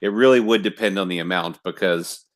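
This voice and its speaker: A man's voice: low-pitched, a little fast. A man co-hosting a casual wrestling podcast, sarcastic and emphatic in his banter. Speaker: podcast co-host.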